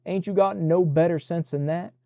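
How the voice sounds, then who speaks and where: A man reading the part of a firm elderly woman housekeeper who hushes the children, in a mellow, dry voice. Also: high voice, steady tone, moderate pace, gravelly, no echo, voice pushed up. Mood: firm, hushing.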